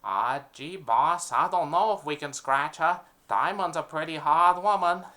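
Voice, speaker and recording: A man's voice: fairly high pitch, measured pace, sharp tone, voice pushed up. A man voicing a nervous, dim-witted 1930s mafia henchman who hesitates and apologizes.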